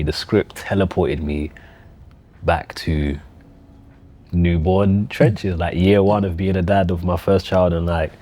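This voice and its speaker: Deep-voiced reflective man. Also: darkish tone. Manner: reflective, earnest, quick agreeing backchannels. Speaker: actor, podcast guest, father. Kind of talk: casual chat.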